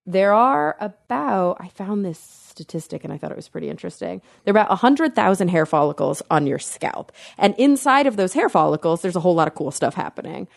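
A woman co-hosting a podcast, explaining science in a chatty way, thinking aloud with fillers and quick self-corrections. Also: on the low side, expressive, gravelly, no echo. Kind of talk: casual science chat.

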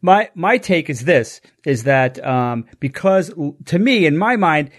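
A man's voice: on the high side, very animated, a little slow. A man co-hosting a casual podcast chat, thinking aloud with hesitant, repeated words. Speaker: podcast co-host.

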